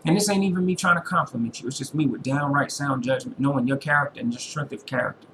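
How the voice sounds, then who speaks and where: A man's voice: mid-range voice, fast talker, pushed and bright, a little hiss or hum, low-quality recording. Preachy man vlogging to his followers. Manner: preachy, quotes scripture, repeats lines for emphasis; informal slangy speech. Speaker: religious vlogger. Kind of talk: impassioned personal monologue to followers.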